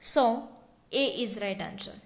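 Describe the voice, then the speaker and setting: Slow, high-voiced woman teaching in an echoey room. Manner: slow, explanatory, repeats key points. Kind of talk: exam question walkthrough.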